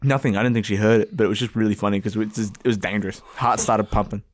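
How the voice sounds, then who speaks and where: A man's voice: lowish voice, fairly even intonation, fast talker, dry recording. A man co-hosting a casual podcast, telling a story with lots of laughter and swearing, close to a podcast mic. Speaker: podcast co-host. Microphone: studio podcast mic, close.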